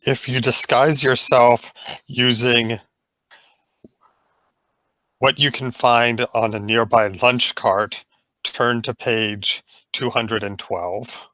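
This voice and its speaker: A man leading an improvised story game, narrating playfully with halting restarts. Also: mid-range voice, fairly even intonation, bright, forceful tone, no room sound, rough recording.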